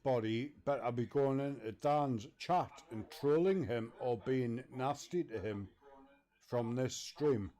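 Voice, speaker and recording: A man's voice: mid-range voice, slow pace, mellow. A man hosting a re-stream, giving casual commentary and warning his chat against trolling. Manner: chiding, warns chat about trolling. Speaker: re-stream host.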